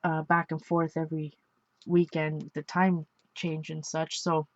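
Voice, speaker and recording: A woman's voice: sits low, little pitch movement, measured pace, dry recording, muffled recording. Rambling chatty Canadian woman crafting. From Ontario, Canada. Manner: rambling, chatty, laughs often, self-correcting. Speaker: art journaling vlogger. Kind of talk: casual chat while crafting.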